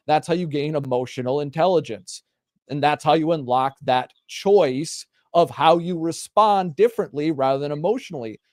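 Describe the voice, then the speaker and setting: A man hosting a casual panel talk show, speaking emphatically and building up to forceful rhetorical questions. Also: on the high side, no echo, clean studio sound. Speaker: podcast host.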